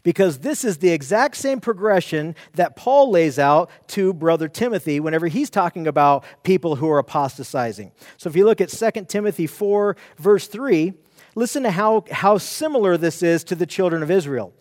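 Man, preacher, expository sermon, high voice, earnest, restarts, dry room. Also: expressive, moderate pace, a little mellow, no room sound. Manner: earnest teaching, frequent restarts and repeated words.

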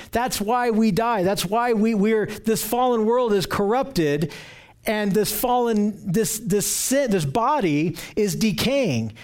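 Man, high-pitched voice, earnest sermon, reads scripture aloud, repeats words mid-thought. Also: darkish tone. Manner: earnest, repeats words while searching for phrasing. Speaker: preacher.

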